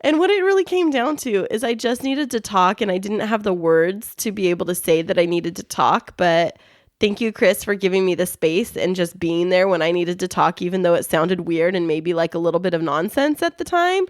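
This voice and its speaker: A woman's voice: fairly low pitch, normal speed, no room sound, clean studio sound. A woman co-hosting a podcast, telling stories casually and laughing often. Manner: warm storytelling, laughs often. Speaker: podcast co-host. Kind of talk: casual chat.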